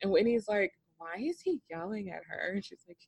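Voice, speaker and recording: A woman chatting casually, recapping a reality show as co-host, animated and laughing often. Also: mid-range voice, a little fast, gravelly, husky.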